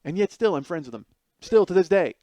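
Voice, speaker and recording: A sing-song, high, mellow voice carries this slightly fast comedic monologue, recorded with no echo. The speaker is a podcast host in his forties who rambles, mocks himself, and acts out voices in his stories.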